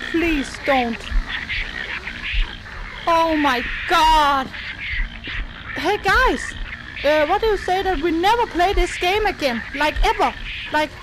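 A woman's voice: sits high, background noise. A young woman playing a horror game and talking to herself, swearing nervously and breaking into shrieks and repeated protests. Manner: swears, nervous self-talk, swings to shrieks. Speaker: gaming YouTuber. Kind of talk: horror game let's play.

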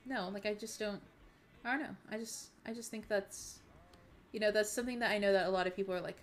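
A woman's voice: mid-range voice, fairly quick, fairly bright tone. Rambling, earnest woman streamer. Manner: rambling, earnest, many fillers and restarts. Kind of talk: casual stream chat.

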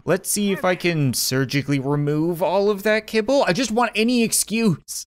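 A man's voice: high-pitched, normal speed, no room sound, clean studio sound. Sarcastic young man joking over gameplay. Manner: sarcastic, laughs often. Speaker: gaming commentator. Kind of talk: casual gameplay commentary.

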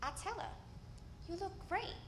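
A woman acting a stage monologue as a candid, wry woman recalling her teenage self, telling the story with vivid swings from hushed to loud. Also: very high voice, animated, unhurried, noisy background. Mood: fond recollection. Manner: storytelling with vivid shifts in loudness. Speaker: stage actor. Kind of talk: live theatrical monologue. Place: theater stage.

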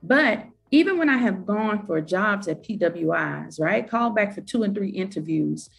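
A woman's voice: medium pitch, expressive, moderate pace, gravelly, slightly rough. A woman with a Southern US accent, a college professor speaking on a panel discussion, emphatic and often checking in with "right?". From Southern United States.

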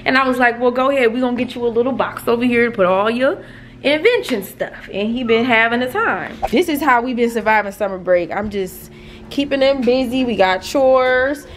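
A young mother, chatting casually in a home vlog, playful and quick to laugh with her kids. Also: fairly high pitch, slight background noise. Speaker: family vlogger and mother. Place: home, indoors.

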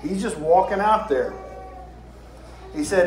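His voice is a little high with lively intonation and a moderate pace. In his fifties and speaking with a Southern US drawl, he gives an informal, folksy sermon with scripture readings, repeating phrases and questioning the room, recorded in an echoey hall with faint hiss.

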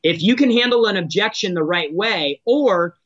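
Guy on a sales podcast, direct coaching tone, kinda high voice, dull lo-fi sound. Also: lively intonation, moderate pace, fairly bright tone, no echo. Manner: direct, coaching tone with frequent restarts. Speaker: sales executive guest. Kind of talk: podcast interview answers.

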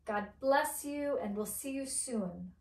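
Slow-spoken woman teacher in an echoey room. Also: sits high, expressive, vocal fry, far from the mic. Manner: spells words letter by letter, mixes in Arabic phrases. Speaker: English teacher. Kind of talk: slow teaching lesson for learners.

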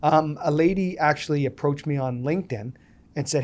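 A man's voice: on the high side, moderate pace. Man telling stories in a podcast interview. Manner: animated storyteller acting out quoted dialogue. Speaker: podcast guest. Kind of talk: storytelling interview.

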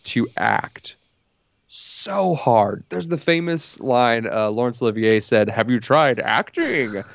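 A man co-hosting a movie podcast, reviewing films in an animated, casual way with lots of restarts and laughs. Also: mid-range voice, a little slow, dry recording. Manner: animated, stumbling restarts, laughs while talking. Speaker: podcast co-host.

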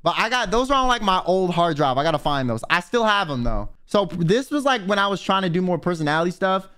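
A man's voice: sits high, very animated, fast, pushed and bright, clean tone. A young man streaming, reacting casually to his own old videos in a slangy, rambling way. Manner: laid-back, slangy, rambling.

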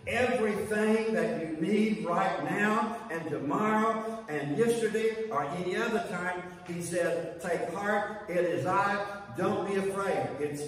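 A man's voice: sits high, slow, few pauses. A man preaching a sermon to a congregation, building points through repeated phrases and now and then calling a listener "honey.". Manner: repetitive preaching cadence, addresses listeners as "honey". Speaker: guest preacher. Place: church sanctuary. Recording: echoey church hall from far off.

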